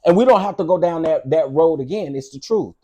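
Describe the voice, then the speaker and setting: Male host, high and very lively pitch, sassy profane commentary rant aimed at viewers. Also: a little fast, slightly rough. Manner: sassy, blunt and profane, talking straight to viewers. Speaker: vlog host.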